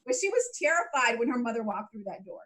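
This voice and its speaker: A woman co-hosting a casual show recap, animated and laughing often as she acts out her reactions. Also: on the high side, fast talker. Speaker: podcast co-host.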